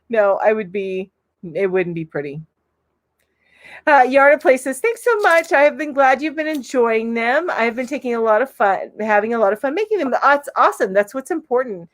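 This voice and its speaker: Woman, forties, from Florida, live-stream host, chatty, upbeat, laughs often, fairly high voice. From Florida, USA. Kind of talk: casual live chat reading viewer comments aloud.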